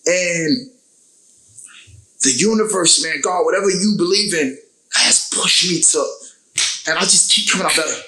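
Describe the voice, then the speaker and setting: A man's voice: sits high, moderate pace, long pauses, bright, forceful tone, reverberant, rough recording. A young adult man, a recording artist as interview guest, talking casually and emotionally, often repeating his phrases.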